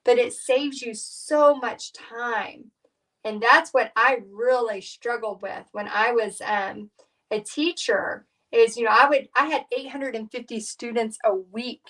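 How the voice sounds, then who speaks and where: A woman's voice: a little high, fairly even intonation, a little slow, fairly bright tone, far from the mic, low-quality recording. A middle-aged woman, chatting through a live painting tutorial in a rambling, storytelling way with lots of fillers. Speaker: painting instructor.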